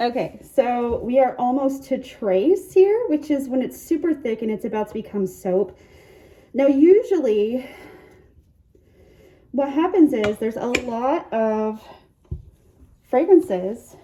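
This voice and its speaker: A woman's voice: a little high, mellow. A young woman casually talking through making soap at home, rambling with lots of fillers and restarts, a bit out of breath. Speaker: small business owner making soap. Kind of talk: casual how-to vlog.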